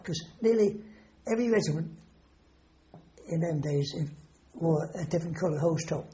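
Old english guy telling war stories, mellow voice, rambles and swears, dull lo-fi tape sound. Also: on the high side, fairly even intonation, fairly quick, long pauses. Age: older. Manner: rambling, salty storyteller with frequent swearing. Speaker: war veteran interviewee. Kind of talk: oral history recollection. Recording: dull lo-fi recording.

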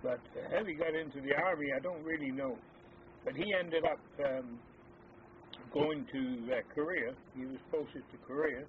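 Older guy telling old army stories, lots of uhs, sounds like a thin phone line with a bit of hiss. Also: on the high side. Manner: hesitant, halting with many fillers. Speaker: army veteran. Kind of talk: oral history reminiscence. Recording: tinny phone-like lo-fi with faint hiss.

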